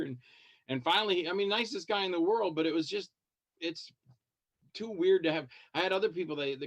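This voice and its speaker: High-voiced man telling rambling stories. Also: a little fast. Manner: rambling, repeats words, acts out fans' lines. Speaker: guest B-movie actor calling in. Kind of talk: casual storytelling on a call-in show.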